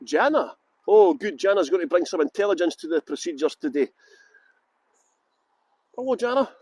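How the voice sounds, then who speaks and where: A man's voice: high voice, expressive, normal speed, darkish tone, dry recording. A Scottish man guiding a live-streamed walking tour outdoors in a garden, greeting viewers by name with jokey, self-mocking banter. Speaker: tour guide.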